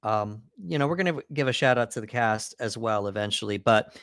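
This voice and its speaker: Man, podcast co-host, relaxed recap, lowish voice, dry close sound. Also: brisk, smooth, dry recording. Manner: easygoing, relaxed recap with fillers. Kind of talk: casual movie breakdown chat.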